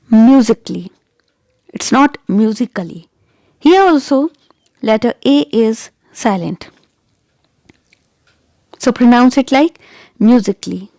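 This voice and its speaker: A woman teaching English pronunciation who says each word slowly and deliberately, repeats it, and keeps checking in with "okay?". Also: a little high, warm tone, no room sound. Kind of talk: pronunciation lesson.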